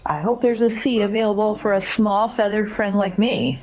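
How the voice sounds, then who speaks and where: A woman's voice: medium pitch, normal speed, natural voice. A computer voice of a woman playing a dotty old woman who believes she is a parakeet, sweetly befuddled and breaking into squawks and chirps over the phone. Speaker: scam-baiting bot. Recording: tinny phone line.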